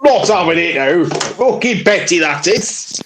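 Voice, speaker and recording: A man putting on a grumpy old Yorkshire man with a Yorkshire accent, gruff and swearing. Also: sits high, expressive, measured pace, background noise, pitched above the performer's own voice.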